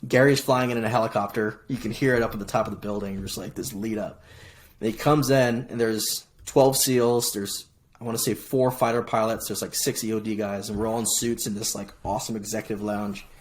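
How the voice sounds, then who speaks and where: A middle-aged man from Hawaii, a podcast guest telling his story in casual, lively chat, often restarting phrases. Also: on the low side, a little fast. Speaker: podcast guest, military veteran.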